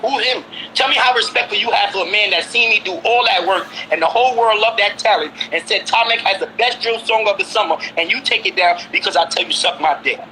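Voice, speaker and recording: Brooklyn man, 40s, high bright voice, rapid and insistent, faint noise behind. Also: low-quality recording. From Brooklyn, New York. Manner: insistent, repeats himself, presses the listener with questions. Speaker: guest. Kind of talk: heated casual conversation.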